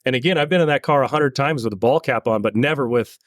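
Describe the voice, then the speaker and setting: A middle-aged man from California, a land speed racer, telling stories in a casual interview in an earnest, halting way with many restarts. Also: medium pitch, no echo.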